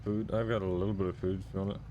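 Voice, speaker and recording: Low-voiced man, casual roleplay banter. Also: little pitch movement, very fast, background noise. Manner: casual, hesitant, swears offhandedly. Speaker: streamer playing a roleplay character. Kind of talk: in-character roleplay chat.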